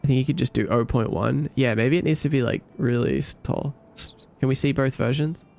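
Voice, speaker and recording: Faint music plays behind a man with a medium-pitched, vocal-fry voice who talks fairly quickly. He's live-streaming as he codes a game, sleepy and laid-back, chatting with viewers, drifting from point to point, thinking aloud and humming.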